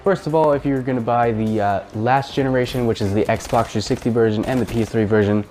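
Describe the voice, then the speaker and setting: A man's voice: mid-range voice, brisk, warm tone, faint music behind. Chatty man reviewing a video game. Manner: chatty and rambling, with fillers and casual swearing. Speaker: gaming channel host. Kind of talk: casual game review talk.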